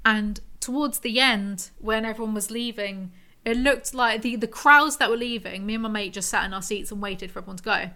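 A woman's voice: mid-range voice, a little fast, pushed and bright. A young woman talking casually in a solo podcast monologue, telling stories in a chatty way and swearing now and then. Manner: chatty storytelling, with swearing and self-interruptions. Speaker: podcast host.

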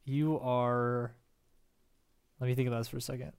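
A man's voice: mid-range voice, level tone, moderate pace, vocal fry, darkish tone, clear, resonant tone. A young man co-hosting a casual chat, rambling and hesitant as he improvises a hypothetical scenario. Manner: rambling, hesitant, restarts often while improvising. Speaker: podcast co-host.

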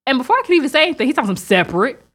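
Her voice is high and her delivery rapid-fire: a young podcast co-host sharing a dating story on a casual show. She animatedly performs all the other voices in the quoted exchanges.

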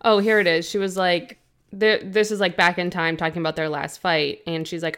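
A young woman co-hosting a book podcast, chatting in a relaxed, casual way, with lots of "like" and "um". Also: fairly low pitch, a little fast, clean tone. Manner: relaxed, fillers like "like" and "um". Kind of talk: casual chat.

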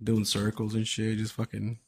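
A man's voice: lowish voice, monotone, moderate pace, a little mellow, a little hiss or hum. A young man in casual chat, telling a rambling anecdote full of fillers and restarts.

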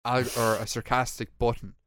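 A young man chatting casually as a podcast host, animated and swearing, acting out text messages. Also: medium pitch, normal speed, smooth. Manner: animated, swearing, acts out texts. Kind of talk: casual chat.

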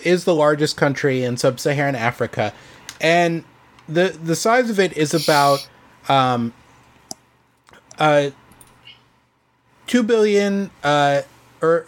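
Hesitant man reading out facts. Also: a little high. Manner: hesitant, many ums and restarts. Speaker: podcast host presenting research. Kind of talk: casual podcast chat.

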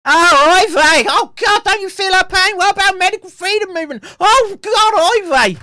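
A man putting on a shrill, whining falsetto voice, overwrought and mocking, wailing theatrically. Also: moderate pace, pushed and bright, no echo, clean studio sound, heavily acted. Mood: mock anguish. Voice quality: shrieking falsetto.

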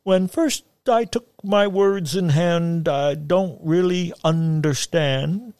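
A man's voice: on the high side, slow, a little mellow, smooth, dry recording, pitched above the performer's own voice. A sing-song old backwoods man. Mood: folksy. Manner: rustic drawl with stammers.

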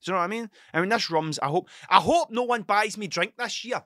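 A man's voice: sits high, quick pace, few pauses, a bit bright, no echo, studio quality. A young man rambling through a casual monologue at home, swearing constantly and mocking himself, hungover and short on sleep. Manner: heavy swearing, restless, self-mocking. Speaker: podcast host. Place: cluttered room at home.

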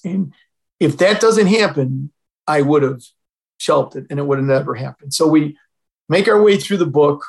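A man's voice: a little high, normal speed, creaky, breathy edge, rough recording. An older man from Illinois, a retired fire chief, telling a personal story as a podcast guest and acting out the dialogue. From Illinois, USA. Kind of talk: storytelling in an interview.

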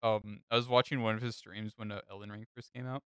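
A young man chatting casually on a podcast, drifting through a story with lots of "like" and "uh". His voice sits a little low and smooth. The sound is dry and close. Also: level tone, fast talker, fairly bright tone, no echo. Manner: rambling storyteller, many fillers. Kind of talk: casual chat.

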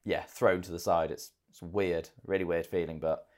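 A man's voice: sits low, flat delivery, normal speed. A man co-hosting a podcast, chatting casually and telling a story with animation. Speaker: podcast co-host. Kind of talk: casual chat.

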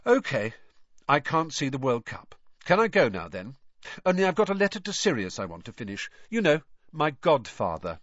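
A man's voice: mid-range voice, very animated, moderate pace, fairly bright tone, dry recording, voice pushed up. A man doing a defiant teenage boy wizard. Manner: curt, coolly defiant. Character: thirteen-year-old boy wizard, defiant and cool. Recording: dry, slightly dull recording.

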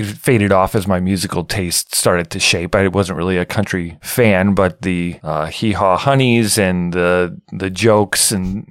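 A man's voice: on the low side, no echo, studio quality. A man hosting a podcast in casual, upbeat chat, rambling through his recollections. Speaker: podcast host.

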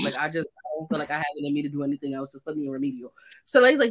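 A young woman from the United States, co-hosting a casual chat and telling lively stories, acting out the voices of people she quotes. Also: sits low, very fast. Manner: animated storyteller, acts out quoted dialogue. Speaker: co-host.

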